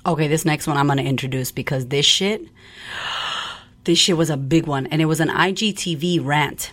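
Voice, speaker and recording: Blunt, fired-up woman podcast host. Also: low voice. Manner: blunt, profane, fired-up talk. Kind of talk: casual podcast monologue.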